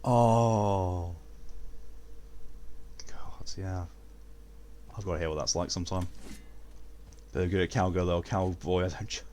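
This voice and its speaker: A man casually chatting while streaming a game, relaxed and swearing now and then. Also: low voice, moderate pace, slight background noise. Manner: laid-back, swears casually. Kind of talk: casual gameplay commentary.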